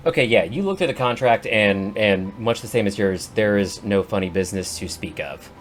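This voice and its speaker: A man running a tabletop game as game master, narrating in a relaxed, hesitant way. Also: on the low side, moderate pace, faint music behind. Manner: relaxed, hesitant, many fillers.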